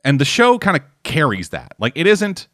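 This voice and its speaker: A man's voice: a little high, wildly swooping pitch, normal speed, fairly bright tone, dry recording, studio quality. A man in casual chat who rambles, swears often and fills his talk with "like" and "uh". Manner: rambling, swearing, lots of fillers.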